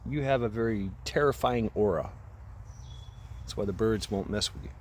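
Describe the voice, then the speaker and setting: A man voicing a calm male bird-keeping swordsman while retelling a movie, quiet and slow. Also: fairly low pitch, a little hiss or hum, natural voice. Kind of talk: movie retelling, acted quote.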